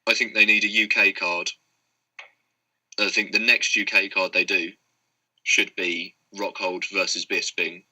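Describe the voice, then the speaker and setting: Lowish, very bright male podcast host, jokey. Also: level tone, unhurried, long pauses, poor audio. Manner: laughs often, loose and joking. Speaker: podcast host and debate moderator. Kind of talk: casual chat.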